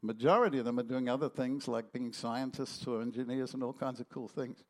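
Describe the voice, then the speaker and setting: A man's voice: mid-range voice, fairly even intonation, fairly quick, darkish tone. A man preaching a sermon, telling stories animatedly and acting out the voices in them.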